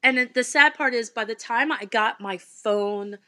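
A woman with a South Jersey accent co-hosting a podcast, telling stories in a chatty, animated way. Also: a little high, normal speed, no echo. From South Jersey, USA. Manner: animated, laughing, self-correcting storyteller. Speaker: podcast co-host. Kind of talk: casual chat.

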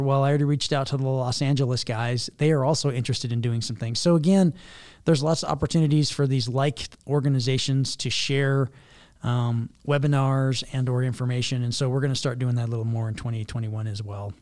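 A chatty man co-hosting a podcast, talking through a sore throat. He keeps a relaxed, conversational flow and laughs easily between points. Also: brisk. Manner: chatty, laughs easily, says he has a rather high voice. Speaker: podcast co-host. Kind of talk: casual podcast chat.

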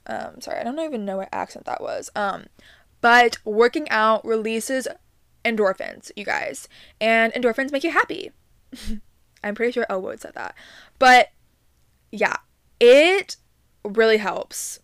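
A woman's voice: fairly high pitch, animated, measured pace, pauses often, a bit bright, smooth, no room sound, studio quality. A young adult woman hosting her own podcast, giving casual upbeat advice with many ums and likes. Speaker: podcast host.

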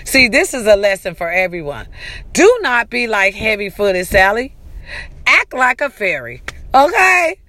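A woman, talking casually and animatedly to her followers, cheering them on and calling out to them often. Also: mid-range voice. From California. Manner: chatty, animated, calls out to the audience. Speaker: vlogger. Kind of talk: casual motivational talk to camera.

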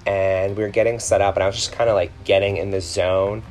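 A man's voice: low voice, flat delivery, fairly quick, darkish tone. A man hosting a podcast in a casual, rambling chat, full of ums and self-corrections. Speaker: podcast host.

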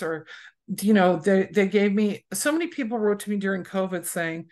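Chatty woman author, animated storyteller, everyday mid-range voice. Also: medium pitch, moderate pace. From USA. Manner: chatty storyteller who acts out quoted people. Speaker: romance author, guest. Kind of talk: casual interview chat.

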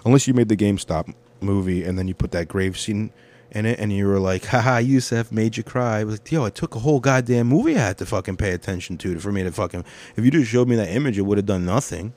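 A young man talks alone on his podcast in a lowish voice. He is candid and rambling, and he swears freely. He shifts between loud, heated rants and soft, quiet confessions. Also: fast talker. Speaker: podcast host. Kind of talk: casual solo podcast monologue.

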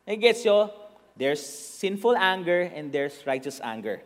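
A man with a Filipino accent preaching a sermon, mixing English and Tagalog, and rising to shouts for emphasis. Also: sits high, expressive, measured pace, big-room sound.

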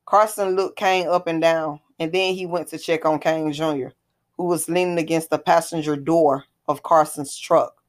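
A woman narrating a scripted drama story in a plain, even reading. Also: low voice, normal speed.

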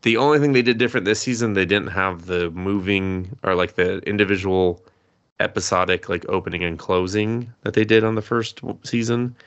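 A man's voice: sits low, brisk, no room sound, dull audio. A man co-hosting a podcast, recapping an anime plot in a rambling, laughing, casual way with some swearing. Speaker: podcast co-host. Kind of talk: casual anime review chat.

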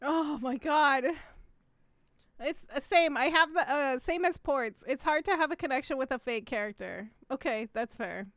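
A young woman co-hosting a casual podcast, loud and laughing, swearing often. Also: high voice, normal speed, no echo, clean studio sound. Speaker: podcast co-host. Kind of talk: casual live-stream chat.

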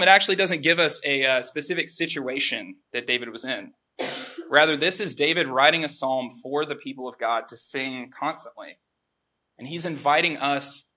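A man giving a relaxed, chatty sermon with self-deprecating asides. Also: medium pitch. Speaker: preacher. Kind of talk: conversational sermon.

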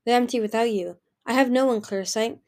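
A woman's voice: a little high, a little fast, a little mellow, lightly acted. A woman voicing a lonely, grieving male dragon who pleads and turns bitter, in an audiobook reading. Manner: pleading, raised and emotional.

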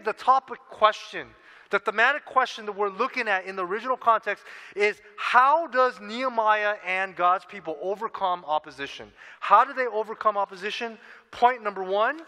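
A man's voice: high voice, bright, forceful tone. A man preaching a sermon in a conversational way, often checking in with his listeners. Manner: conversational preaching, tag questions "right?". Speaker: pastor. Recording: long reverb of a hall.

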